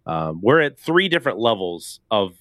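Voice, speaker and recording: A man's voice: on the low side, very animated, normal speed, fairly bright tone, dry recording, clean studio sound. A man hosting a casual gaming podcast, rambling loosely and laughing often. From Canada. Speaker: podcast host.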